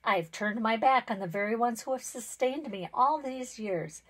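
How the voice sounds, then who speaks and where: Fields: Figure: proud, selfish male pond spirit, voiced by a woman. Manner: ranting, rising high and loud when upset. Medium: storybook reading. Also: lively intonation, normal speed. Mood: pleading.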